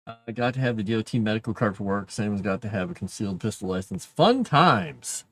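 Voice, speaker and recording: Casting: middle-aged man, casual writer-vlogger, playful, lively pitch, cat-talk asides. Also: brisk. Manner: chatty, talks softly to his cats. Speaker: writer streaming his work. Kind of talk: casual talk while writing.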